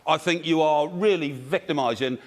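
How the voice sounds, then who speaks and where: A man chatting and laughing as a newspaper reviewer on a breakfast TV show, animated and talkative. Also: a little high, moderate pace. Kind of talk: lively breakfast TV chat. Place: TV studio.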